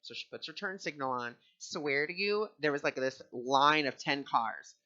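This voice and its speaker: Bright-voiced earnest male spiritual teacher. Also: a little high, moderate pace, lo-fi sound. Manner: earnest, conversational. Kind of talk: personal storytelling talk.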